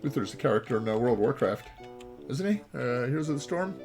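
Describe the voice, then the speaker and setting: A man's voice: mid-range voice, lively intonation, fast talker, a little mellow, soft background music. A man who designed the game, giving let's play commentary while he plays it, rambling and full of ums and uhs. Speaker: game designer playing his own game.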